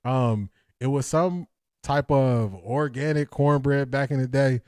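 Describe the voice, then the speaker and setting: A man's voice: mid-range voice, unhurried, a little mellow, smooth, no room sound, clean studio sound. A man from Ohio, hosting a casual livestream, joking with chat, laughing often and repeating lines for effect. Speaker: sports talk livestream host reading chat.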